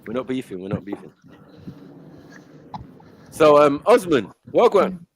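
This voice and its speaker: A man's voice: a little high, sing-song, a little slow, background noise. A man, casually bantering and joking with friends on a live panel, laughing often and using street slang.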